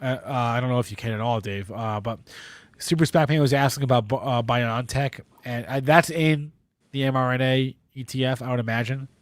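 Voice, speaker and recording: A man's voice: mid-range voice, brisk, no room sound. Male livestream host, stuffy nose, rambling and self-deprecating, dry mic. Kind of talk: live market show hosting.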